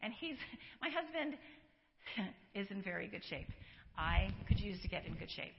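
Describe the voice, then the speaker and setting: A middle-aged woman giving an animated, chatty church teaching talk and laughing often. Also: mid-range voice, measured pace, a little hiss or hum. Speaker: women's ministry speaker. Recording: echoey hall, dull lo-fi recording.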